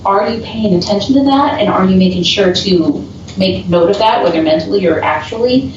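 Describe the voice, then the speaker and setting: Over a dull, distant, echoey remote call with faint noise, a woman paranormal investigator chats casually, telling stories and laughing often. Her voice is medium-pitched, fairly quick, and a little mellow.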